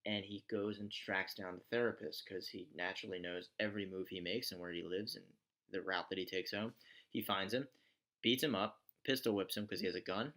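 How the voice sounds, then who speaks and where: A man's voice: low voice, fairly even intonation, fairly quick, a bit bright. A man recapping a TV show in a casual, rambling way, with sarcastic asides. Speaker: TV show reviewer.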